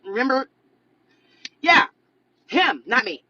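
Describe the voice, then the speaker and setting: A woman's voice: high voice, sing-song, slow pace, bright, forceful tone, muffled recording. A woman speaking sarcastically and dismissively in a profane vlog commentary. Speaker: social media commentator. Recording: noisy background hiss.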